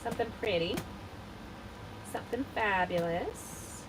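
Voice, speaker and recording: Bubbly woman with a lively, gravelly voice. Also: mid-range voice, measured pace, background noise. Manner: chatty, bubbly, talks straight to viewers. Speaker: card-making demonstrator hosting a live stream. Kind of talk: casual live craft demonstration.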